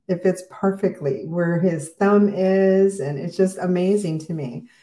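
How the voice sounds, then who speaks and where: A woman's voice: lowish voice, unhurried. Emotional woman hosting a devotional, echoey. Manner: emotional, warm-hearted, rambling with fillers. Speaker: host of morning devotion. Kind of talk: casual devotional livestream.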